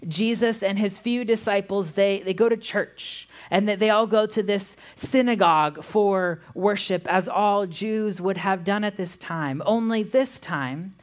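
A woman pastor giving a sermon, reading scripture aloud in a measured way. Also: medium pitch.

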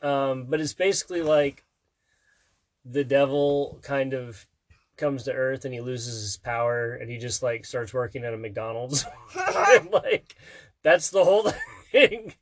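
A woman's voice: rumbling low, expressive, unhurried. A woman in casual chat with her child, playful, asking lots of questions and often laughing mid-sentence.

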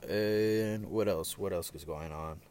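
A young man talking casually on his own podcast from his parked truck, frank and profane, stumbling over fillers and restarts and getting loud and heated when he rants. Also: sits low, slow, slight background noise. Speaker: podcast host. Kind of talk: casual solo venting podcast.

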